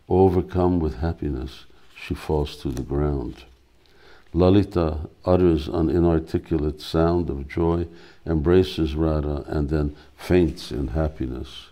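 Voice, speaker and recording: Male spiritual teacher reading a devotional play aloud, steady, dark and mellow. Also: rumbling low, slow.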